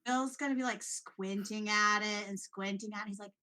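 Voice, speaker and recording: Woman player in a tabletop session, chatty and giggly, thinks aloud with halting fillers. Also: medium pitch, fairly even intonation, pushed and bright. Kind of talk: casual tabletop game chat.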